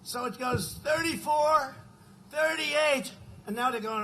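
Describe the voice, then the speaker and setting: A man's voice: extremely high pitch, slow pace, sharp tone, slight background noise. A man addressing a campaign rally in a rambling, repetitive way, often checking in with the crowd. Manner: rambling, repetitive, keeps asking the crowd "right?". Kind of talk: rally speech.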